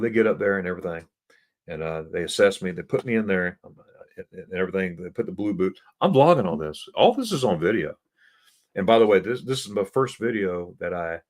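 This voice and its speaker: Deep-voiced chatty man telling a travel story. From United States. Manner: chatty, laughs often, repeats words. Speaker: travel host. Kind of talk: casual live-stream storytelling.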